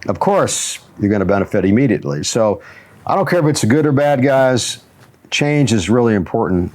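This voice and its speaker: Lower-voiced man hosting a motivational show. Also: darkish tone. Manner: storytelling with frequent chuckles. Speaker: show host and jiu-jitsu instructor. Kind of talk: motivational talk-show chat.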